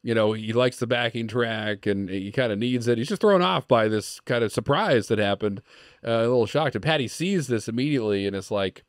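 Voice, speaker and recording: A man's voice: medium pitch, a little fast, no echo, studio quality. A man co-hosting a podcast, casually improvising a story and acting out its characters' lines, laughing often. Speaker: podcast co-host.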